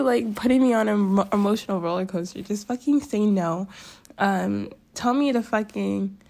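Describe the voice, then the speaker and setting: A young woman vlogging at home, high and upset, rambling through a sweary confessional rant and laughing nervously between phrases. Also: vocal fry, a little mellow. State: upset, near tears. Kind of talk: casual confessional vlog rant. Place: home, indoors.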